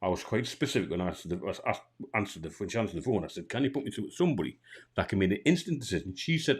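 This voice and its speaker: Speaking very fast with lively intonation, this fairly low, darkish-toned Geordie co-host spins a long, rambling anecdote on a casual stream. He plays both parties in a phone call and keeps restarting his sentences.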